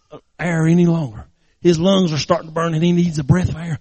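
A man's voice: on the high side, a little fast, darkish tone, slightly rough, no echo. A man preaching, telling a story dramatically with emphatic, repeated phrases. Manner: emphatic, repetitive, dramatic narration. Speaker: pastor. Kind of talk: sermon storytelling.

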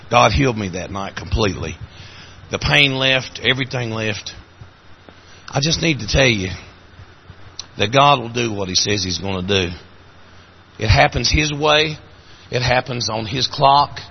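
A man with an Appalachian accent preaching a sermon, telling folksy stories in a voice that climbs high and cracks when he is moved. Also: normal speed, vocal fry, long pauses, lo-fi sound, a little hiss or hum.

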